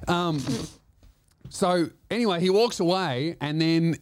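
A man spins a profane, rambling comic story, stumbling over restarts as he goes. His voice sits a little high for a man. The recording is dry and close, with no room sound. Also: slow, dry recording. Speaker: comedian and podcast host. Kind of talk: comedic storytelling.

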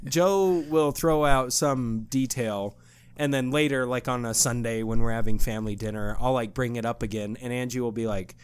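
A young man co-hosting a podcast, chatting casually and telling family stories, often mimicking other people in a higher voice and laughing. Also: normal speed, smooth. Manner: animated, laughing storyteller, mimics others in a high voice. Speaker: podcast co-host. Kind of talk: casual chat.

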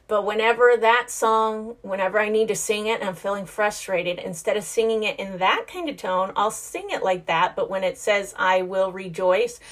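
A woman in her thirties hosting a podcast, talking about her faith in an earnest, heartfelt way and speaking straight to her listeners. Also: medium pitch. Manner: conversational, with frequent "like" and restarts. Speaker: podcast host. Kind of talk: casual faith-based talk.

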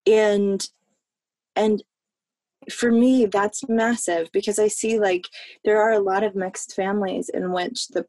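A woman's voice: medium pitch, fairly even intonation, darkish tone, no echo. Heartfelt woman telling a personal story. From American South. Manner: heartfelt, halting, emotional. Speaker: guest. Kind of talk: personal storytelling in a podcast interview.

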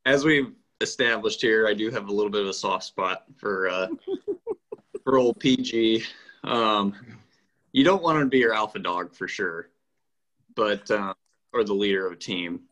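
A man co-hosting a casual sports podcast, giving a measured rebuttal with lots of hesitation. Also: fairly low pitch, a bit bright. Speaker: podcast co-host.

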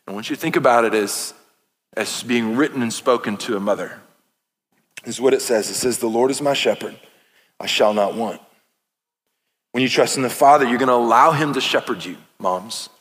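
His mid-range voice is brisk and a bit bright as he, a thirtysomething pastor, preaches earnestly and passionately in a church sanctuary. Playful asides break in, and the large hall adds long reverb.

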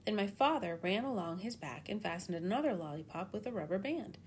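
A woman narrating a children's storybook in an expressive, animated way. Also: mid-range voice, fairly quick, a little hiss or hum. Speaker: audiobook narrator.

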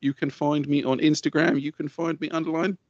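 A man's voice: fairly high pitch, flat delivery, a little fast, dry recording. A man co-hosting a podcast, chatting casually and teasing his partner with crude jokes. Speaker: podcast co-host. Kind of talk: casual chat. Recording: dull lo-fi dry sound.

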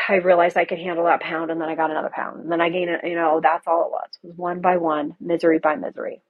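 A woman's voice: lowish voice, level tone, fast. A woman guest candidly telling her recovery story in a blunt, casual way, swearing freely. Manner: blunt, swears casually, reenacts own past words. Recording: tinny phone-like call line.

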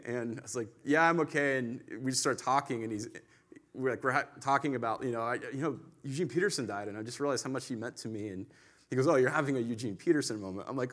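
A male pastor delivering a sermon in a conversational, storytelling way, with emphatic swells and quiet drops. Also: medium pitch.

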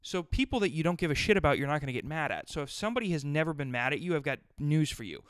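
Male podcast host, smooth clear voice, dry close sound, crude rambling riffs. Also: on the high side, lively intonation, rapid-fire, no echo. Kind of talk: solo podcast rant.

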